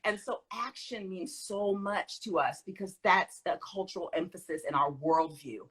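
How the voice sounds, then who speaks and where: Woman guest teaching in a chat, bright forceful voice, kinda husky, emphatic and animated. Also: fairly low pitch, normal speed, poor audio. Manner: emphatic, animated, laughs often. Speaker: guest speaker. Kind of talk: conversational teaching.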